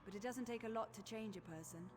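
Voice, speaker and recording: An earnest, shaken temple priestess, voiced by a woman in a video game, talking things through in a measured, concerned way. Her voice rings with a long reverb, and soft game music plays underneath. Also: on the high side, close to an everyday voice.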